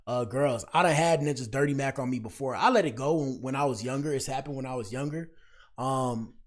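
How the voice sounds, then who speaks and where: A man hosting a podcast, talking alone in casual slang, preachy and given to repeating himself. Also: mid-range voice. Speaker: podcast host. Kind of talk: casual commentary monologue.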